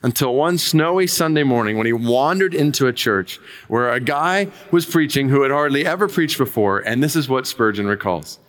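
A man's voice: medium pitch, lively intonation, moderate pace, hardly any pauses, a bit bright. A male pastor preaching a sermon, retelling a conversion story with impassioned emphasis. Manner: impassioned storytelling, reads quotes aloud with rising emphasis.

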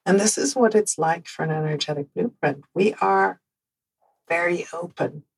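Dutch-accented woman with a gravelly, husky voice. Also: on the low side, moderate pace, rough recording. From Netherlands. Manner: animated, repeats words for emphasis, laughs often. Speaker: podcast host. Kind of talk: personal storytelling monologue.

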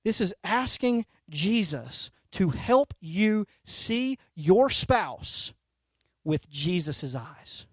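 Speaking extremely slowly in a high-sitting voice, a man in his thirties preaches as a pastor. He tells animated stories that rise and fall between soft and loud, frequently asking "right?" and "okay?", all captured dry.

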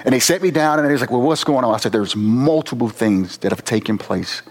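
Husky man telling his testimony. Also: medium pitch. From Virginia, USA. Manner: earnest, emotional storytelling with slow pauses. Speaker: former police officer sharing testimony. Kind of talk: personal testimony talk.

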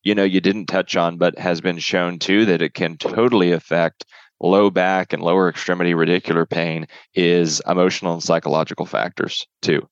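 A man speaking as a returning podcast guest and medical director, in measured, clinical phrasing. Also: deep voice, level tone, no echo, dull audio. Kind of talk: casual podcast conversation.

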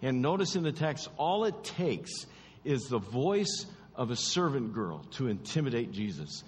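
A man preaching a sermon in an emphatic, repetitive way, often sinking to low, quiet stresses. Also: big pitch swings, a little slow, slightly rough, long reverb tail.

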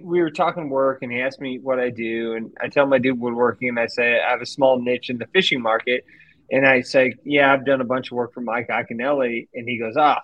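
A man's voice: mid-range voice, a bit bright, no echo, highs cut off. A man co-hosting a casual fishing podcast, telling a rambling story and breaking into laughter. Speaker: podcast co-host.

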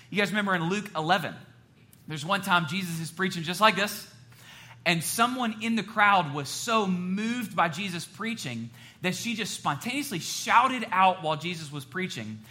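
A male pastor in full sermon flow, animated and cracking jokes at his congregation between scripture readings. His voice sits high for a man and rings bright and forceful, preaching in a church. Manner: animated, joking asides to the congregation.

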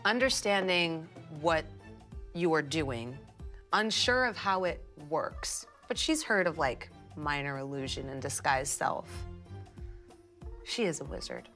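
A woman narrating a tabletop game as game master, animated and switching quickly into character voices. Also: low-pitched, soft background music.

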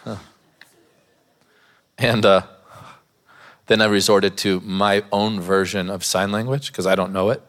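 A man's voice: on the low side, fairly even intonation, unhurried, pauses often, fairly bright tone. A man, a pastor, preaching a sermon in a church, mixing scripture with a humorous personal story and laughing often.

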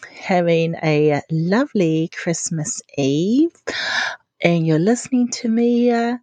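A woman's voice: on the low side, darkish tone, no echo. A woman, hosting her own podcast in a chatty, giggly, rambling way. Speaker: podcast host. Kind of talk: casual solo podcast chat.

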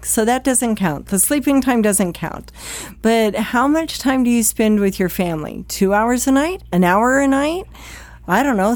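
A woman's voice: medium pitch, darkish tone, no room sound. A woman giving a direct, conversational talk that coaches first responders on how they speak at home, acting out quoted exchanges along the way. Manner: direct, plain-spoken, acts out quoted exchanges.

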